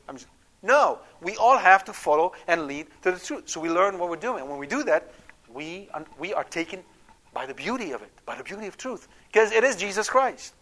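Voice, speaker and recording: A man's voice: high-pitched, sing-song, fairly quick, pushed and bright. A man giving an emphatic Catholic teaching talk, often checking in with his listeners. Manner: acts out quoted prayers. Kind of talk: catechetical talk.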